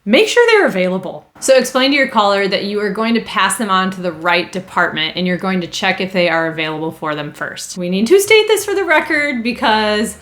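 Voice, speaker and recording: A woman's voice: medium pitch, big pitch swings, fairly quick, hardly any pauses, fairly bright tone. A woman training customer service staff, upbeat and emphatic, acting out sample phone greetings. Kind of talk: instructional talk to camera.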